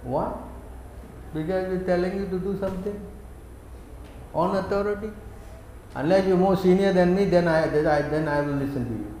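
A man's voice: high voice, warm tone, slight background noise. Emphatic man lecturing in an echoey room. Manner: emphatic, keeps quizzing listeners. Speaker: spiritual teacher. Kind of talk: scripture class lecture.

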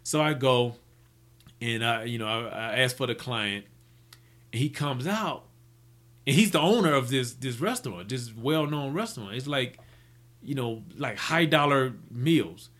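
A man's voice: medium pitch, expressive, measured pace, a bit bright. A man telling stories from his business life in a rambling, casual way, full of restarts and fillers. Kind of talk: casual storytelling.

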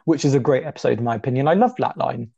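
A man's voice: mid-range voice, expressive, racing, vocal fry, mellow, slightly rough. A man co-hosting a casual podcast chat, talking chattily and laughing often. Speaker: podcast co-host. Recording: dull lo-fi audio.

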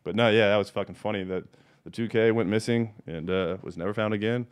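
A podcast host spins his stories at a quick clip in a somewhat low voice. He is blunt and swears freely, and he tells them in a loose, animated way. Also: smooth. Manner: profane, blunt, animated storyteller. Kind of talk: casual storytelling.

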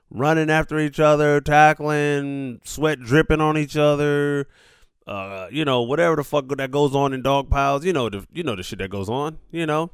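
A man's voice: on the high side, smooth, no room sound, clean studio sound. A man hosting a casual sports talk show, ranting. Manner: profane, animated ranting. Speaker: sports commentary host.

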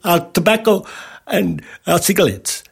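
A man's voice: high voice, measured pace, creaky, breathy edge, pitched above the performer's own voice, heavily acted. A man voicing an eager male newsagent owner with an Indian accent, insistent and repeating himself.

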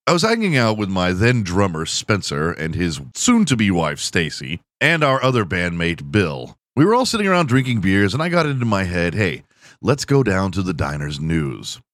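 A man's voice: fairly low pitch, sing-song, normal speed, few pauses, fairly bright tone, no echo, clean studio sound. A man in his forties from Houston, Texas, hosting a podcast and retelling news stories with profane, mocking comedy. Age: 40s. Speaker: podcast host. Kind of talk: comedic storytelling.

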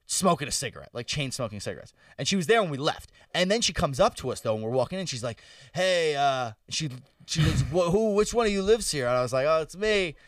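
A man's voice: fairly high pitch, dry recording, distant mic. A young man co-hosting a casual chat, telling stories with lots of swearing. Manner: animated storyteller, swears a lot. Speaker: podcast co-host. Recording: dry, a bit off-mic.

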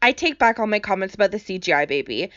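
A woman co-hosting a podcast chats casually, laughing often and swearing freely. Her voice sits at a middle pitch, and the recording sounds slightly dull and lo-fi. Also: sing-song, fast talker, fairly bright tone. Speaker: podcast co-host. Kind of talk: casual chat.

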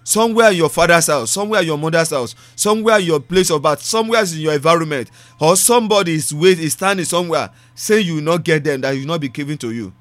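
A man preaches a sermon in a high, bright voice, hammering points home by repeating phrases. His English bends grammar loosely. The sound is dry and close. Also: quick pace, few pauses, dry recording. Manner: preaching with repetition and rising emphasis.

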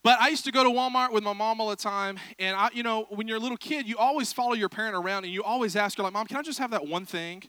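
Bright-voiced preacher, joking. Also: male voice, high-pitched, steady tone, fast talker, hardly any pauses, clear, resonant tone, dry recording. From South Georgia, USA. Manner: joking, chatty, self-deprecating. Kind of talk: humorous sermon. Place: church.

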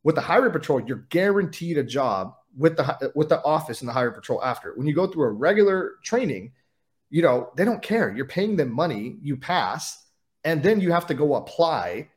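A man who used to be a highway patrol officer, a guest in a casual interview, from California, telling stories bluntly and with plenty of swearing. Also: sing-song. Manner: fast, blunt, profane storytelling.

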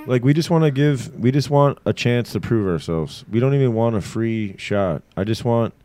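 A man's voice: medium pitch, lively intonation, moderate pace, mellow, a little hiss or hum. A man, talking crude and rambling on a casual podcast, swearing often. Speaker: podcast co-host, band member.

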